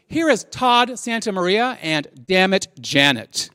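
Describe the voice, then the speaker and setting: A man's voice: high-pitched, very animated, unhurried. A man hosting a live fundraiser from a lounge venue, upbeat and introducing acts with fillers. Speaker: host of a live fundraiser stream.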